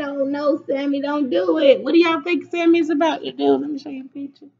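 A woman, a teacher, reading a picture book aloud to children at home on a webcam, pausing to ask them questions. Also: high voice, steady tone, gravelly, dark tone. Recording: slightly dull webcam audio.

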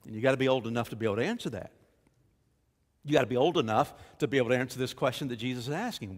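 A male Baptist pastor preaching a sermon, emphatic and building to forceful peaks. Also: medium pitch, rapid-fire. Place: church sanctuary. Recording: church hall reverb.

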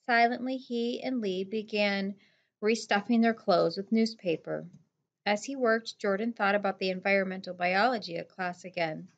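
A woman narrating a novel in a steady, plain storytelling voice. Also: medium pitch, lo-fi sound. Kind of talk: audiobook narration.

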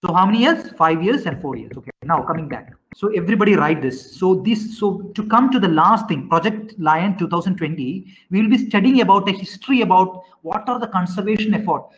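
High-voiced man teaching online class. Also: animated, fairly bright tone, poor audio. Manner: questioning students, repeating himself, halting restarts.

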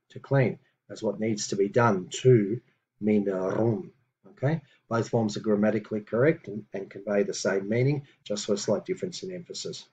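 A man with a warm voice on the low side gives a language lesson on video. He explains patiently, uses many fillers, and reads example phrases slowly.

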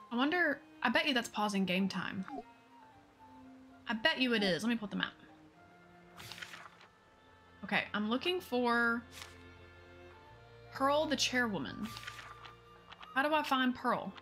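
A woman's voice: on the high side, expressive, normal speed, pauses often, a bit bright, faint music behind. A woman game streamer chatting with her viewers while she plays. She talks casually, reads out their messages and greets people by name. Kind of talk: live gameplay chat.

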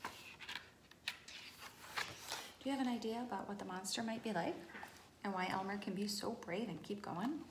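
A woman reading a picture book aloud to preschoolers, expressive and sometimes hushing to a whisper. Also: mid-range voice, measured pace, pauses often, background noise. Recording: roomy echo.

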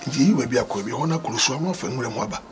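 A man's voice: mid-range voice, animated, very fast, a little hiss or hum, natural voice. A man with a Ghanaian accent playing a husband who gives his wife advice about marriage. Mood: advising. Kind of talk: film acting. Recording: film score clearly underneath.

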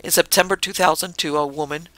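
A man hosting a podcast, narrating a scripted ghost story in a measured, dramatic way. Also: on the high side, steady tone, bright, forceful tone, no echo.

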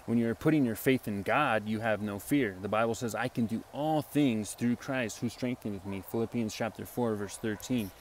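A man's voice: fairly low pitch, moderate pace, hardly any pauses, a little hiss or hum. A man giving an informal sermon to camera, earnest and rambling, full of fillers and restarts, often asking "right?". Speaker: self-styled preacher.

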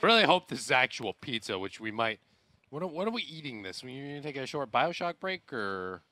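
A man's voice: medium pitch, very animated, fairly quick, bright, forceful tone. Young man telling a story, laughing. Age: young adult. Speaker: streamer. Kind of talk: casual stream chat.

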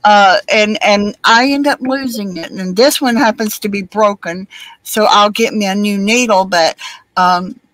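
A woman's voice: medium pitch, a little slow, fairly bright tone, no echo, low-quality recording. A woman with a Southern US accent chatting casually on a live stream, rambling with many ums and restarts. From Alabama, US.

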